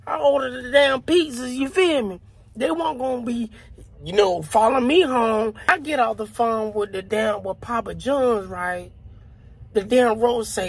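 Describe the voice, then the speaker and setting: Man, comic storyteller, animated, profane, husky, gravelly. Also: extremely high pitch, unhurried. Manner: animated, profane, sound effects and asides. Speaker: comedian.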